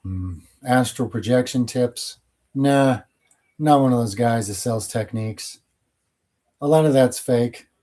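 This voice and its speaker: A man's voice: mid-range voice, a little slow, warm tone. A man hosting his channel, answering viewer questions in a casual, rambling monologue with blunt opinions.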